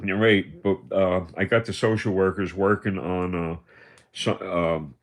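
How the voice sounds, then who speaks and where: Low, steady and a little slow, the voice belongs to a livestream host in his seventies. He rants at viewers confrontationally, full of taunts and accusations, and keeps repeating himself.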